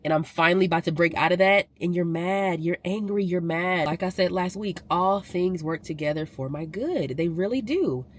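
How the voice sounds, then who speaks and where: A woman's voice: on the low side, normal speed, hardly any pauses. A woman from Louisiana, talking emphatically to camera in a casual vlog and repeating phrases for effect. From Southern US, Louisiana. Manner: emphatic, preacher-like repetition and rising intensity. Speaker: vlogger.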